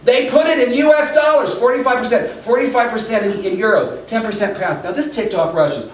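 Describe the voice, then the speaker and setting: Excitable high-voiced male lecturer. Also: slight background noise. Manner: hurried, excitable, many restarts. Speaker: political science lecturer. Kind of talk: animated public lecture. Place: breakfast meeting room. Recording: echoey room, mic far off.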